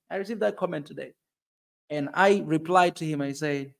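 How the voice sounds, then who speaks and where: A man's voice: on the high side, normal speed, gravelly. A man with a Tanzanian accent giving a passionate, emphatic opinion monologue as a channel host. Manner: passionate and emphatic, repeats points.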